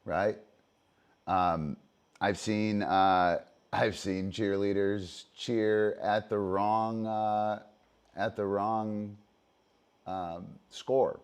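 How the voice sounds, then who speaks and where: A man's voice: lowish voice, steady tone, extremely slow, clean tone. A man hosting a dog-training livestream, explaining in a casual, profane way with lots of fillers and "right?" tag questions. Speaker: disc dog trainer and show host.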